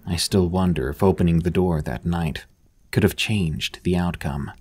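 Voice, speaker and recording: A man reading first-person horror stories aloud as scripted narration, in a steady, measured delivery. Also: deep voice, husky.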